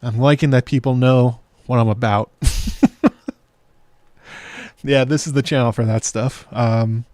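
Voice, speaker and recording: A man hosting a casual show breakdown, talking it through out loud with fillers and restarts as he reads comments from a live chat. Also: mid-range voice, steady tone, moderate pace, few pauses, no echo. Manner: chatty, thinking aloud with fillers and restarts. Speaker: show host.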